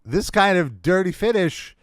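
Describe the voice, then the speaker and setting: A man co-hosting a wrestling review podcast in casual chat, excitable and acting out the crowd's reactions. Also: high-pitched, unhurried, dry recording, studio quality. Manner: excitable, acts out quoted reactions. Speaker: podcast co-host.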